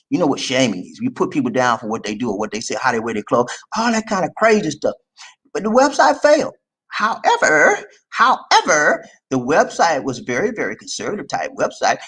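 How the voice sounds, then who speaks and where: A man giving casual video commentary, animated and repetitive, laughing often and speaking straight to his viewers. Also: on the high side, fairly quick.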